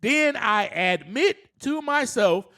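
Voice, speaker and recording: Male self-help podcast host, very high voice, unhurried, earnest with frequent laughs. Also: animated, bright, forceful tone. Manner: earnest, laughs often, rising to passionate emphasis.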